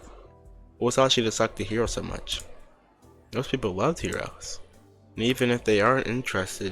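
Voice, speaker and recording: Man, story reader, casual delivery, restarts and asides, lowish voice. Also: creaky, a bit bright.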